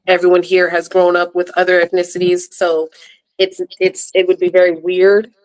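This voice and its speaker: A woman speaking bluntly and candidly as a guest in a casual online panel discussion, with quick asides and restarts. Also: fairly low pitch, level tone, clear, resonant tone.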